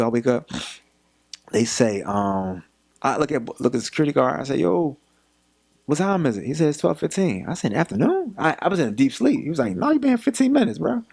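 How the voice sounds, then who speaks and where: Animated man telling a street story. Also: mid-range voice, brisk, vocal fry, slightly rough. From Philadelphia. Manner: animated retelling, acts out quoted voices. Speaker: podcast guest. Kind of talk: casual storytelling.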